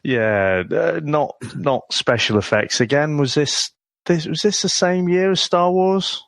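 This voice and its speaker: A man's voice: on the high side, a little slow, creaky, fairly bright tone, no room sound, clean studio sound. A man co-hosting a film review podcast, chatting casually with an amused, chuckling and thoughtful manner. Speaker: podcast co-host.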